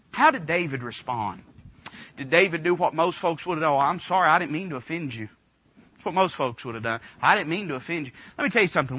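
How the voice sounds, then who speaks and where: A high-pitched man delivers a sermon. He swings from folksy storytelling into loud, fervent preaching. The recording is dull and lo-fi. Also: husky.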